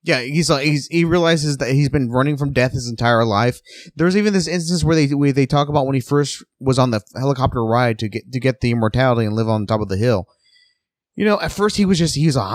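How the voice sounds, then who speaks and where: Man, quick talker, podcast co-host, casual comic review, dry close sound. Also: medium pitch, no room sound. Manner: chimes in to agree and adds his own reading of the story.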